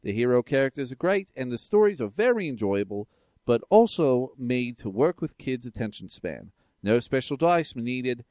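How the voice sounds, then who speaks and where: A man's voice: mid-range voice, very animated, normal speed, darkish tone, dry recording, studio quality, close to an everyday voice. A man reading out a listener's email, playing a cheerful Australian geek dad in a put-on Australian accent. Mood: cheery. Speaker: listener email read aloud.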